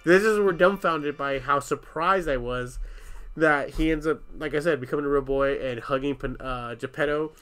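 A young man chatting on a podcast, slightly higher-pitched than most men. He tells his stories with animated energy, swears freely and laughs a lot. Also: moderate pace, smooth. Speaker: podcast co-host. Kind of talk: casual podcast chat.

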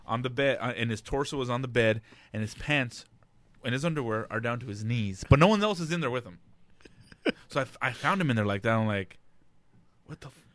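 A man's voice: mid-range voice, expressive, fairly quick, a bit bright, a little hiss or hum. A man telling a profane, laughing anecdote in casual chat. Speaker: storyteller in casual podcast chat.

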